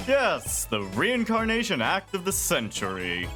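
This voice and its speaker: A man's voice: high-pitched, huge pitch swings, unhurried, heavily acted. Guy putting on a grave disguised stage magician, stiff formal lines, big swoopy delivery, music under it. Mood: grave theatrical. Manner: theatrical, grave, clipped formal speech. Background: game music.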